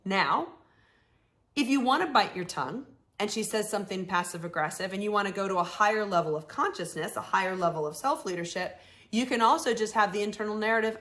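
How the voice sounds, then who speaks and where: A woman's voice: medium pitch, brisk. Coaching woman acting out sample lines. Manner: warm coaching tone, acts out sample phrases. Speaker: life coach host. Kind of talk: coaching advice to viewers.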